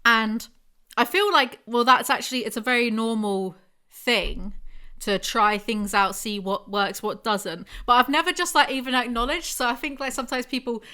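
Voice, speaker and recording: A woman's voice: on the high side, normal speed, bright, forceful tone. A young woman hosting a podcast, chatting casually in a rambling, self-deprecating way. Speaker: podcast host.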